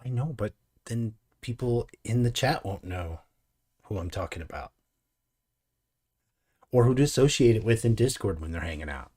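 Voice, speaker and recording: Low, mellow-voiced man with dry wit. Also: animated, moderate pace, pauses often, breathy edge. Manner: dry, wry remarks, thanks subscribers. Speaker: co-host of a live mini painting stream. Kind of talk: casual chat and reading out chat messages.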